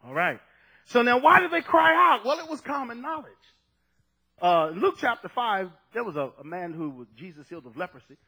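A man preaching a fervent sermon, dropping low and then shouting as he acts out scripture. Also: big pitch swings, brisk, breathy edge, rough recording.

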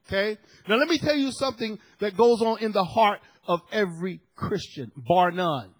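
A man preaching a sermon with dramatic swings between loud declarations and hushed asides. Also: high voice, very animated, moderate pace, hardly any pauses, breathy edge. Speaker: pastor.

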